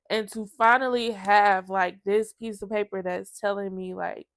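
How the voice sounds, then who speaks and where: A woman's voice: mid-range voice, normal speed, few pauses, no room sound. A woman telling her own story to camera in a casual vlog, emotional and chatty, speaking straight to her viewers. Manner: emotional, lively storytelling that acts out other people's lines; chatty, addresses viewers as y'all.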